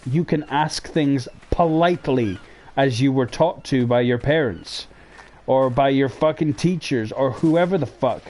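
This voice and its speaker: A man hosting a casual talk show, ranting heatedly with lots of swearing, jumping between loud outbursts and low mutters. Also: a little hiss or hum. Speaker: podcast host. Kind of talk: casual opinion rant.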